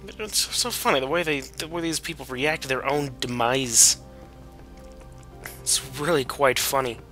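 A man's voice: medium pitch, moderate pace, pushed and bright, faint music behind. A young man casually commenting on his gameplay, chatty and joking. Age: young adult. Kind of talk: casual let's play commentary.

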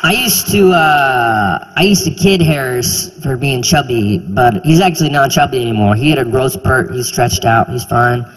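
A man in his twenties performing a stand-up comedy routine, animated and incredulous, sometimes bursting into shouts, on a handheld mic on a theater stage. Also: mid-range voice, moderate pace, hardly any pauses, a little hiss or hum. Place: theater stage before a live audience. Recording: reverberant live hall, faint ambience.

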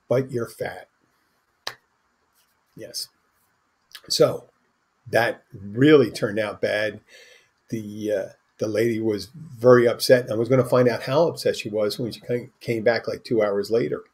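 Husky low-voiced man telling stories. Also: steady tone, normal speed, a little mellow. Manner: rambling anecdotal delivery with restarts and asides. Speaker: podcast host and bartender. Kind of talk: casual storytelling monologue.

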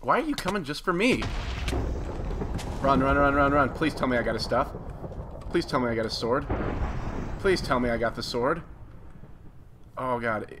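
A young man giving jokey, excitable commentary on his own game as he plays. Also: mid-range voice, moderate pace, long pauses, background noise. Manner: excitable, jokey, self-mocking. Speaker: gaming video host. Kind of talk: casual gameplay commentary.

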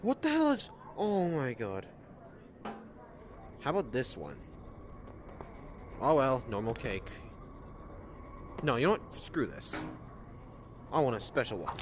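A man casually commenting as he plays a game, talking slowly and muttering sarcastic reactions. His pitch moves around a lot. Clear background noise runs under his voice. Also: very animated. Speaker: gameplay streamer.

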